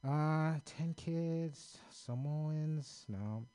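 A man's voice: on the high side, drawn-out words, warm tone. An American man doing a loose, rambling stand-up set at an open mic, swearing a lot and brushing off his own jokes. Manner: loose and rambling, self-deprecating, heavy swearing. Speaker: stand-up comedian. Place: small comedy open mic.

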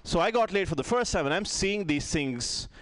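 Brief: male stand-up comic from India, self-mocking and rambling, with a lively, swooping delivery and a fairly high voice. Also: moderate pace, dry recording. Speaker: stand-up comedian. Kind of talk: stand-up comedy set.

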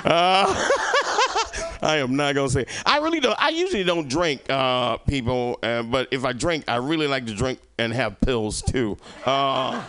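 A man's voice: medium pitch, sing-song, unhurried, a crowd in the background. A male stand-up comedian doing a rambling, profane set and teasing the audience. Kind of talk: stand-up set with crowd work.

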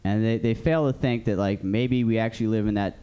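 A man's voice: on the low side, a little fast, mellow, clean tone. A man doing a stand-up comedy set on a club stage, telling profane, rambling stories into a stage mic.

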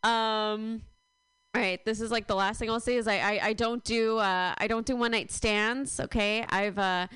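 A woman's voice: on the high side, fairly even intonation, moderate pace, a bit bright, smooth, no echo. A young woman in her twenties doing a rambling stand-up set, full of fillers and self-deprecating asides. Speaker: stand-up comedian.

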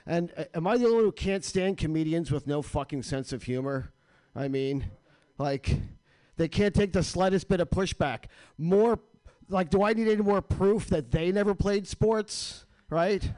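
A man's voice: high voice, normal speed, warm tone, dry recording. A man hosting a radio show, ranting with crude, sarcastic comedy in a studio.

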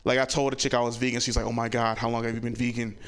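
A man's voice: level tone, racing, clean tone. A man performing a stand-up comedy set, telling stories and acting out the people in them. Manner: storytelling, acts out relatives with loud high voices.

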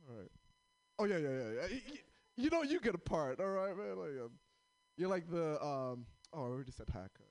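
A man's voice: on the high side, very animated, moderate pace, pauses often, no room sound. A man doing stand-up comedy with crowd work, rambling and self-deprecating as he stops and starts over his fillers.

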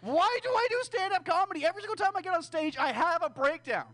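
A man's voice: extremely high pitch, animated, quick pace, fairly bright tone. A man doing a rambling, crude, self-deprecating stand-up set on a small stage, laughing nervously between jokes. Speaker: stand-up comedian.

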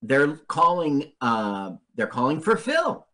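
Animated man riffing on a bad movie. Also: medium pitch, a little slow, hardly any pauses. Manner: animated, jokey, playful put-on voices. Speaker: podcast co-host. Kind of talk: casual movie-riff chat.

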